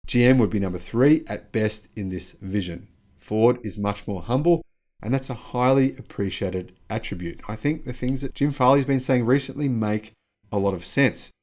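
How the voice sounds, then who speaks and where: A man's voice: medium pitch, moderate pace, darkish tone. A man hosting a news commentary vlog, chatty and sarcastic as he reacts to the news. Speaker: channel host.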